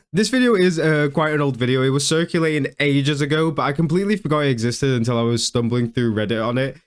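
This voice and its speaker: A man's voice: fairly high pitch, a little fast, clean tone. A young man doing comedic reaction commentary, mocking and laughing often, with stammers and restarts. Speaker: video commentator.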